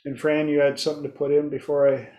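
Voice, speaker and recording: A man's voice: fairly high pitch, flat delivery, fast talker, warm tone. A man hosting a casual group discussion, telling stories and acting out his clients' voices. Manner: storytelling, acts out clients' voices. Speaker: host.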